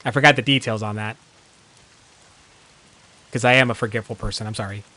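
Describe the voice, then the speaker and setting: A man with a fairly low, steady voice talks fairly quickly, his tone pushed and bright. He's streaming a video game and chatting casually, rambling through his thoughts with constant "like" fillers and jumpy reactions to surprises.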